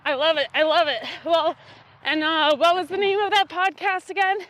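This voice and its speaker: A woman co-hosting a podcast in casual chat, teasing her co-host playfully and often pausing on ums. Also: very high-pitched, steady tone, a bit bright.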